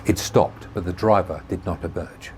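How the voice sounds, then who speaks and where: Low-voiced man narrating his own novel. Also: normal speed, a little hiss or hum. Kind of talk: first-person audiobook narration.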